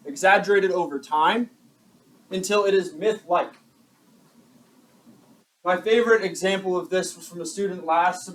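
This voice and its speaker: A young male high school teacher giving a chatty classroom lecture, asking the class questions and joking at his own expense. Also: a bit bright. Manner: chatty, self-deprecating, asks the class questions. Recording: distant mic with faint classroom noise.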